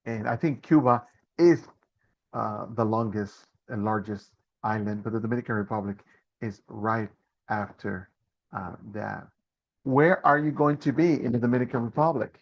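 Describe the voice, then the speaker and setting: A man's voice: medium pitch, normal speed, lo-fi sound. A man hosting a live online Q&A about a trip, talking with many fillers and restarts. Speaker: host and trip organizer.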